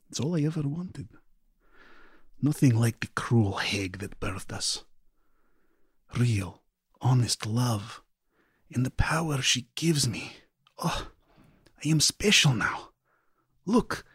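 A man voicing a corrupted younger brother who speaks in a soft, sweet voice that slips into whispers. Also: medium pitch, slightly rough, dry recording, clean studio sound, full character voice.

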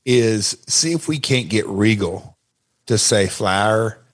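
Older man, Southern accent, rambling, gruff, jokey, podcast co-host. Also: on the low side, lively intonation, slow. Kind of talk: casual wrestling podcast chat.

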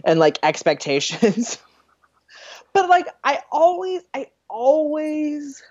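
Woman podcast co-host, animated and analytical, lo-fi recording. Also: sits high, slow pace. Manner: lively, analytical, summarizes plot. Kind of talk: casual film discussion. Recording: dull lo-fi audio.

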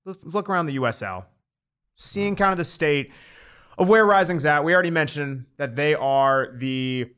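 A man's voice: on the high side, moderate pace, a bit bright, clear, resonant tone. A man co-hosting a casual soccer podcast, chatting conversationally and steering topics along. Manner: conversational, with frequent fillers and agreement. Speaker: podcast co-host. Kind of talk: casual soccer preview chat.

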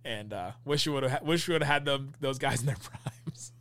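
A man's voice: mid-range voice, fairly bright tone, dry recording. Teasing, laughing podcast man. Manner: teasing, quick to laugh, ribs his co-host. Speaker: podcast co-host. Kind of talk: casual chat. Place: event venue, recorded live on site.

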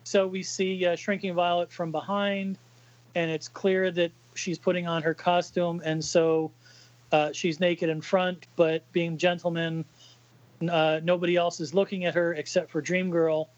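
High-voiced man, halting casual chat. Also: flat delivery, no room sound, highs cut off. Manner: halting, with many fillers. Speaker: podcast co-host reading a comic aloud.

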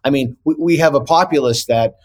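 A man's voice: medium pitch, a little fast, a little mellow. A man answering as a guest in a video interview, earnest and argumentative, often restarting his sentences.

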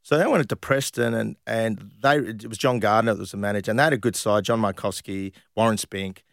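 A man with an Australian accent recounts his football days in a relaxed, chatty way, full of "um"s, restarts and animated asides. His voice sits low and the sound is dry and close, with no room behind it. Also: fast talker, creaky, no echo. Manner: animated anecdotes with many fillers and restarts. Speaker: guest, former professional footballer. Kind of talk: casual storytelling interview.

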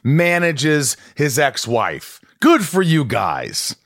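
A man's voice: a little high, sing-song, very slow, a bit bright, no room sound, clean studio sound. A man hosting an interview show, asking eager questions and praising his guest. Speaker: podcast host. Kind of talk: casual interview chat.

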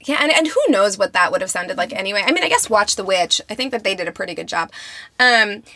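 A woman's voice: mid-range voice, lively intonation, fast, bright, forceful tone, no room sound. A young adult woman co-hosting a podcast, chatting casually with many fillers. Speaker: podcast co-host. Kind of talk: casual chat.

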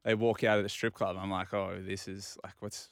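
A man's voice: sits low, fairly quick, no room sound. Australian guy telling a story dry. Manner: animated anecdote, acting out quoted dialogue. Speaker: regular guest. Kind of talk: casual storytelling.

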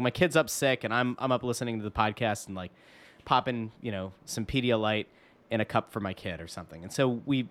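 A male podcast co-host, his voice swinging widely in pitch as he rants. He sounds mock-indignant and keeps the banter going in a casual chat. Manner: animated, mock-indignant ranting.

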